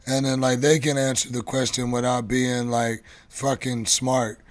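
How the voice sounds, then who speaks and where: A man's voice: mid-range voice, flat delivery, measured pace. A man hosting a casual livestream giveaway show, talking in a loose, rambling way and swearing offhandedly. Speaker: show host.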